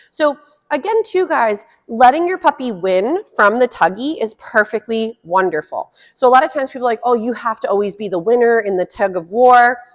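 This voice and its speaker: A woman dog trainer giving a hands-on demonstration, chatty and encouraging, with bright praise cues to a puppy and a slightly dry throat. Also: a little high, big-room sound. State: slightly dry throat, cough drop in mouth. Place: indoor room with heating running.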